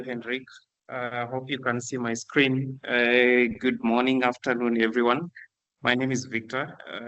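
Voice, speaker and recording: A man begins a presentation over a video call. His pitch stays level with little melody. He talks hesitantly and fills gaps with frequent uh sounds. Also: a bit bright, low-quality recording. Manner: hesitant, with many filler sounds. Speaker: guest presenter. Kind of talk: online presentation.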